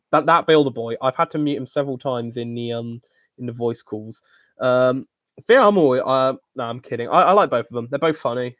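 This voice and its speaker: A man's voice: mid-range voice, no room sound. A young man from the UK hosting a casual live-stream Q&A, rambling with lots of ums and joking bluntly. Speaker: channel host answering viewer questions.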